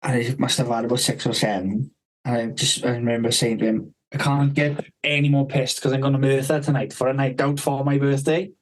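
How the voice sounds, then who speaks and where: A man's voice: mid-range voice, little pitch movement, a little fast, poor audio. A man telling a rambling story on a podcast, swearing constantly and acting out the people he quotes.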